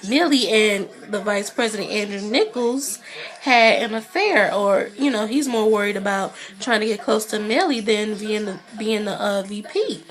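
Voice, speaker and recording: A woman's voice: mid-range voice, normal speed. A congested woman giving a chatty TV episode review, leaning on "you know" fillers. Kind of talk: casual vlog recap.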